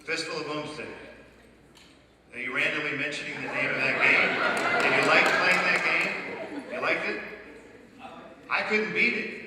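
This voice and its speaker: A man's voice: a little high, moderate pace, long pauses. A man answering audience questions on a convention stage in a sarcastic, teasing stand-up manner. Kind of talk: comic Q&A stand-up. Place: stage in a large convention hall. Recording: echoey hall, distant mic, loud crowd ambience.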